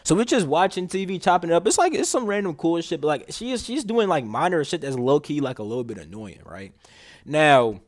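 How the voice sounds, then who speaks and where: A man's voice: a little high, big pitch swings, fairly quick. A young man hosting a podcast, telling a story in a slangy, rambling, casual way with many restarts and curses. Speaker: podcast host.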